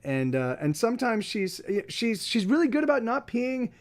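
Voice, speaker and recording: A man's voice: extremely high pitch, very animated, normal speed. A man hosting a livestream, chatting casually, rambling with lots of restarts and repeated words. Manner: soft baby talk to his dog. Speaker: livestream host. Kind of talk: casual chat.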